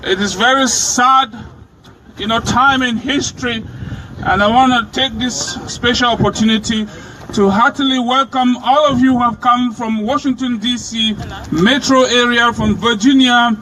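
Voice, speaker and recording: A man addressing a street rally outdoors, speaking with passion and rising to a shout as he declaims his demands. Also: very high-pitched, fairly even intonation, normal speed, low-quality recording. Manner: impassioned, declaiming.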